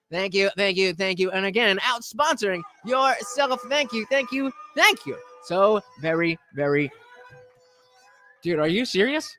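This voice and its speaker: A man streaming live, reading chat aloud and answering it with mocking sarcasm, sometimes bursting out loud and sometimes trailing off in mumbles. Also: high voice, lively intonation, a little slow, faint music behind. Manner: swings from loud outbursts to mumbling.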